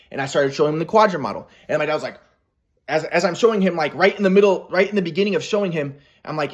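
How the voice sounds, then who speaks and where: A man's voice: sits high, lively intonation, fast talker. A man telling a personal story in a rambling way, with many restarts, acting out what people said. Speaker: vlogger.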